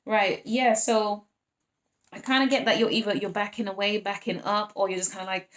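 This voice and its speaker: Female tarot reader, mid pitch, chatty and animated. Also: normal speed. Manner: chatty and animated, acts out little scenes, laughs often. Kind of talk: casual tarot reading to viewers.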